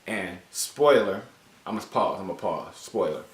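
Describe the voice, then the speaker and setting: Casual male comic reviewer, lower voice, animated and cussing, roomy echo. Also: moderate pace, distant mic. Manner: animated, joking, profane.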